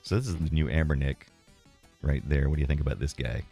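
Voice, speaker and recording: A deep-voiced man chats loosely with his live-stream viewers, rambling and poking fun at himself as he plays. Faint music runs quietly underneath. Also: fast talker, vocal fry. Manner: rambling, self-deprecating, talks to chat while playing. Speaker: streamer playing retro games.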